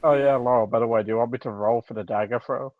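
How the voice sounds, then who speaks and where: A man's voice: mid-range voice, fairly even intonation, fast talker, dry recording. Stammering man on a dull mic. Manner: stammering, playful. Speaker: player. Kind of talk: casual tabletop game chat.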